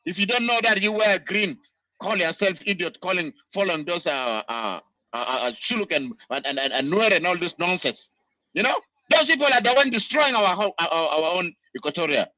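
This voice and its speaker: A man rants in a heated political monologue, his voice very high and piercingly bright. He keeps circling back with "you know" as he scolds, and the sound is completely dry, with no room echo. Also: animated, brisk. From South Sudan. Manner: angry, ranting, peppered with "you know". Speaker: diaspora political commentator.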